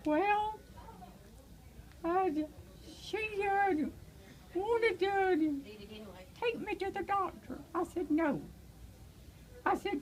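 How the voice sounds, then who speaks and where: An older woman, an evangelist, telling her personal testimony in a halting way with many pauses and fillers, turning tearful in places. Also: very high-pitched, a little mellow, rough recording.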